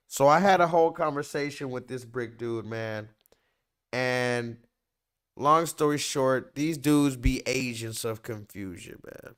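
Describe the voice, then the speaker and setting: A man hosting a livestream, telling a story in animated, profane rants to his viewers. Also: medium pitch, measured pace, clean tone. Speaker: livestream host. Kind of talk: casual livestream commentary.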